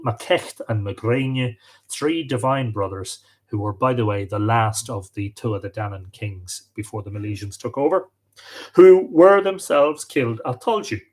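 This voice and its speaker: Male host, slightly raspy, reads from books and wanders into asides. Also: medium pitch, darkish tone. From Ireland. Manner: reads passages aloud, breaks off for asides and rummaging for books. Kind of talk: live-stream talk, reading aloud from books.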